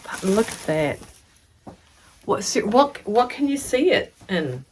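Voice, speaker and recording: A woman, chatting casually to camera as she unboxes a gift of fabric, gushing and sometimes dropping into soft whispers. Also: mid-range voice, sing-song, slow, a little hiss or hum. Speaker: sewing vlogger.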